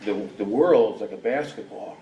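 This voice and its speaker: A man's voice: on the low side, moderate pace, warm tone, slight background noise. A man from Wisconsin giving a rambling, indignant public comment full of rhetorical questions at a hearing. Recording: echoey hall from far off.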